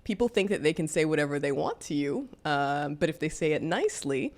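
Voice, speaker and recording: A woman in her forties tells a personal story with a low, deep-set voice. She talks candidly and conversationally, with plenty of fillers along the way. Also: lively intonation, fairly quick, a little mellow. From Deep South, US. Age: 40s. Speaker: vlogger.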